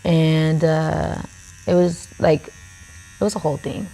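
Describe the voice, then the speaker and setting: A woman's voice: sits low, fairly even intonation, takes it slowly, vocal fry, warm tone. A woman guest on a podcast, telling a story in a casual, chatty way and leaning on "like" as filler. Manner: chatty, filler-heavy with frequent "like". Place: tattoo studio podcast set.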